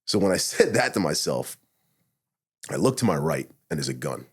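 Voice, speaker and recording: A middle-aged man tells a personal story on a podcast in a very low, husky voice. He talks fast and swears often, and he acts out his own thoughts as quoted lines. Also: big pitch swings. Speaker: podcast guest, retired SWAT officer. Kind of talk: candid storytelling in a podcast interview.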